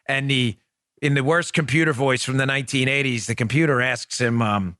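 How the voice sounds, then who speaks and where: A man's voice: medium pitch, steady tone, a little fast, pushed and bright, no echo. A man hosting a political talk show, delivering an emphatic, sarcastic monologue into a close studio mic. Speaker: host.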